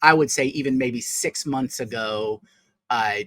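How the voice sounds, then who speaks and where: A man's voice: medium pitch, unhurried, sharp tone, low-quality recording. A man co-hosting a casual chat show, thinking aloud with many fillers and restarts. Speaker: co-host.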